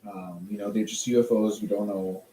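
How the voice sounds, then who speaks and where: Animated man co-hosting a casual chat. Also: lowish voice, brisk, vocal fry, a little hiss or hum. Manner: animated, joking, trades quips. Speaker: podcast co-host. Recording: roomy echo.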